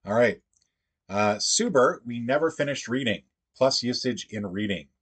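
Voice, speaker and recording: Husky-voiced man thinking aloud. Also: mid-range voice, expressive, a bit bright. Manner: thinks aloud, halting and musing. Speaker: livestream puzzle host. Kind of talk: casual livestream chat.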